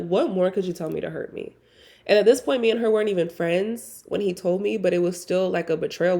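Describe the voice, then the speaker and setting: Young woman, podcast host, casual storytelling, gravelly creaky voice, blunt and chatty. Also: on the low side, a little mellow. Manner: candid, profane, conversational with many "like" fillers.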